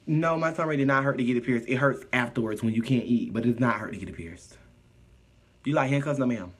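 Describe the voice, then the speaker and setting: A man's voice: mid-range voice, brisk. Sassy, profane man chatting on a live stream. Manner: sassy, profane, animated storytelling. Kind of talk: casual live-stream chat, reading viewer comments.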